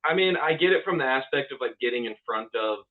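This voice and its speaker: A man's voice: mid-range voice, lively intonation, fast. A man from Louisville, a band member, answering interview questions in an easygoing, hesitant way with many ums. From Louisville, Kentucky. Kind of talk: casual interview chat. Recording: tinny phone-like sound.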